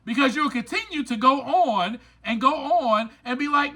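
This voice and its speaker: Guy with a really high voice hosting a recovery podcast, super lively pitch, preachy and repeats himself for emphasis. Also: a little slow, hardly any pauses. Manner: speaks straight to listeners, informal. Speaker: podcast host. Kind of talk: motivational recovery podcast monologue.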